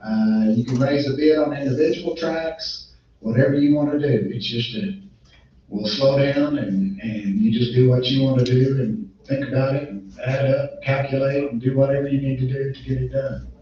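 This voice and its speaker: A man's voice: medium pitch, fairly even intonation, mellow, slight background noise. Echoey far-off auctioneer man. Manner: rapid rhythmic bid chant with plain folksy asides. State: strained voice from illness. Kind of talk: livestock-style auction chant and announcements. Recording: echoey muffled room recording from a distance.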